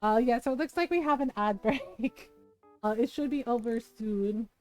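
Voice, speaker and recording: A woman's voice: fairly high pitch, normal speed, a little mellow, faint music behind, poor audio. A woman streamer telling a family story in casual chat while she plays a game. She laughs often and keeps saying "like" and "right?". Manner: chatty, laughs often, says "like" and "right?" a lot. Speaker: livestream host.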